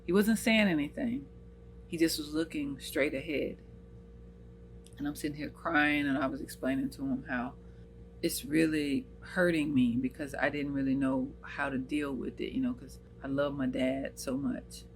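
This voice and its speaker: An American woman hosting her own channel tells a personal story in an earnest, emotional way, retelling scenes with quoted dialogue. Her voice is rumbling low and steady at a moderate pace, with slight background noise.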